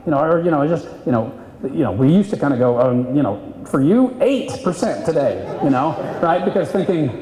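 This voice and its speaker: A man coaching salespeople at a live seminar, animated and acting out client voices. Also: fairly high pitch, fast, a faint crowd. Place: seminar room. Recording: echoey hall, voice from a distance.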